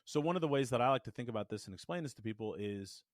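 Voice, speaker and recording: A man's voice: medium pitch, animated, very fast, dry recording. A man teaching voice technique in a podcast lesson, demonstrating shifts between chest voice and head voice into a good studio microphone. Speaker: voice coach.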